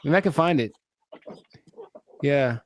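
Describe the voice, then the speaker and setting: A man co-hosting a casual podcast, rambling and animated with frequent laughter. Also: fairly high pitch, slow pace. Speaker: podcast co-host.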